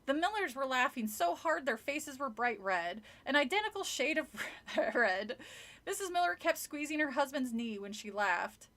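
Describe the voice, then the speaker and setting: A woman's voice: sits high, expressive, moderate pace, pushed and bright. A woman streamer reading a horror book aloud, often laughing and making crude joking asides. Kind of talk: casual read-aloud with commentary.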